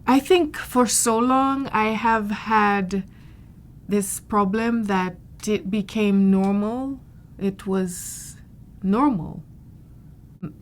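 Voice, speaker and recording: A woman giving a candid patient testimonial, speaking frankly and matter-of-factly about personal matters. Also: a little high.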